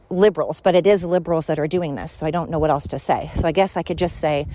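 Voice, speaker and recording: A woman with a fairly low voice hosts a solo podcast in a casual monologue. She talks bluntly and rambles, with a faint noise under the recording. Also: darkish tone. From Sweden. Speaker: podcast host.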